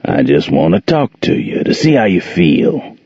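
A gruff, domineering grown man, as a male storybook narrator puts him on, growling in a low, dark register with a coarse, commanding edge. The voice stays close and dry, in a slightly dull lo-fi recording. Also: big pitch swings, measured pace, no echo, heavily acted. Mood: menacing.

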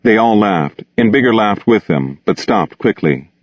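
A man reads an audiobook in a very deep, low voice with a lively, expressive rise and fall. It is a dry, dull, lo-fi recording with no room sound. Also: a little slow, dry recording. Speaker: audiobook narrator. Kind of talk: scripted narration.

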